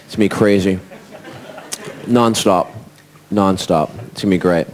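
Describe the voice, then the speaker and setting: A man on a convention panel, talking up the night ahead in an excited, joking way. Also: sits low, normal speed, a little hiss or hum. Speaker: panel guest. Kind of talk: casual hyped banter.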